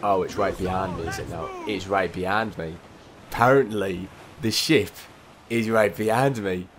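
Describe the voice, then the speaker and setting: Over thundering cannons and loud game music, a young man comments on his gameplay in a low voice at normal speed. He's exasperated and talks to himself, circling back to the same frustrations.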